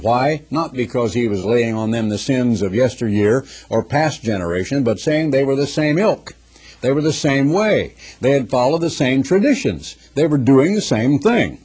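A man's voice: medium pitch, moderate pace, slightly rough. A man preaching a conversational sermon in a folksy way, reading scripture in a raised, ringing tone and acting out the people he quotes. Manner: folksy, acts out quoted people in lively voices. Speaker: pastor.

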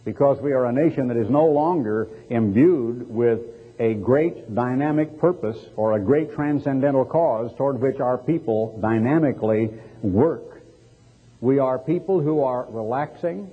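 Husky preacher man, tinny echoing hall. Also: mid-range voice, normal speed. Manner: impassioned, emphatic preaching. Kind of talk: sermon. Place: hall before a live audience. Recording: tinny lo-fi recording with long hall reverb.

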